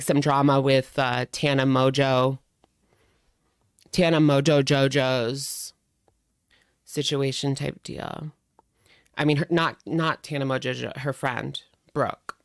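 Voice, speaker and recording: A woman's voice: very deep voice, dry recording, clean studio sound. A young woman hosting a live stream, chatting casually in a rambling way and greeting viewers by name.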